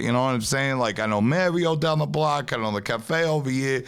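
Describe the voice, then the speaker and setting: A man with a New York accent telling a long story on a podcast in a casual, profane, animated way. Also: mid-range voice, a little fast, creaky, few pauses, clear, resonant tone. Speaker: pizzeria owner, podcast guest. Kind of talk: casual chat.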